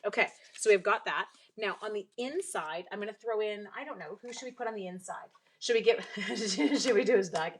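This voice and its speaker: A woman's voice: medium pitch, a little fast, a little hiss or hum. A young woman from Canada chatting casually as she demonstrates card making, rambling and reading viewer comments aloud, with a recurring cough. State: bouts of coughing. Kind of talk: casual live craft stream.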